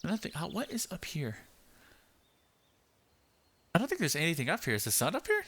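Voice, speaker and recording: A young man giving casual gameplay commentary, rambling with lots of fillers and keeping his voice deliberately high. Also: huge pitch swings, sharp tone. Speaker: game channel host.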